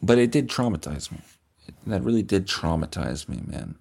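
A man hosting a comedy podcast, telling a crude, deadpan, rambling comic story. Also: low voice, moderate pace, creaky, breathy edge.

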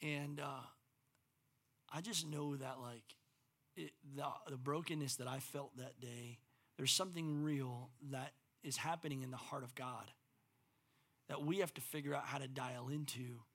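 A middle-aged pastor delivering a sermon, swinging from loud, intense preaching to quiet, personal storytelling. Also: male voice, medium pitch, steady tone, unhurried.

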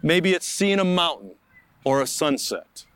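A man's voice: fairly high pitch, sing-song, fairly bright tone, clear, resonant tone, dry recording. Earnest man preaching a sermon outdoors. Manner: earnest preaching with slow emphatic pauses. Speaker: pastor. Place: outdoors in a park.

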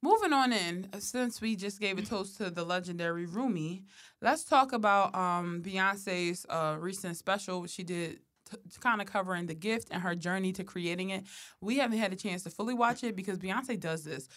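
Casting: podcast co-host, woman, casual and slangy, lots of laughter, mid-pitched voice. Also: normal speed, fairly bright tone. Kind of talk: casual chat.

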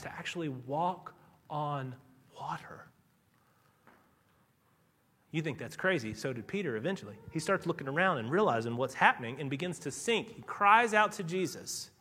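A male pastor delivering a sermon in a somewhat high, bright, forceful voice. He builds to loud, urgent peaks, then drops to a near-hush, and at the close he leads the congregation in prayer. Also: husky. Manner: dramatic, swings between loud urgency and hushed softness.

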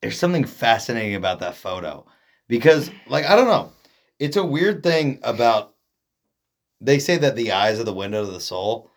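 A man's voice: mid-range voice, sing-song, normal speed. A man from Oregon co-hosting a podcast in casual chat, rambling and joking, often trailing off mid-sentence. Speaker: podcast co-host.

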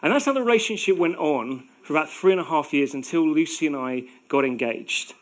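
A man's voice: a little high, lively intonation, brisk. A man in his forties preaching a sermon in a conversational way, with self-deprecating humor.

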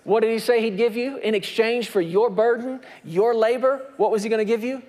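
A man delivering a sermon with a notably high voice. He preaches emphatically, pausing to throw rhetorical questions at the congregation, and the sound carries a long hall reverb. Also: steady tone, darkish tone. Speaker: pastor.

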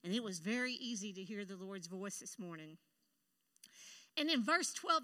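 Bright, animated woman preaching. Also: sits high. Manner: animated, emphatic, with bursts of laughter and quick asides. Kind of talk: sermon. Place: church sanctuary.

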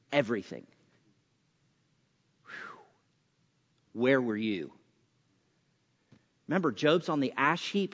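A man's voice: a little high, a bit bright. A man preaching a chapel sermon in a conversational style, firing off punchy rhetorical questions with sarcastic asides. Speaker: chapel speaker. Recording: reverberant hall, dull sound.

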